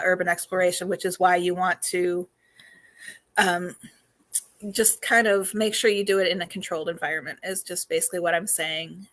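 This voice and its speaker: Chatty woman host, lots of ums. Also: lowish voice. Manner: many fillers, greets viewers. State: slightly losing her voice. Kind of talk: casual live-stream talk.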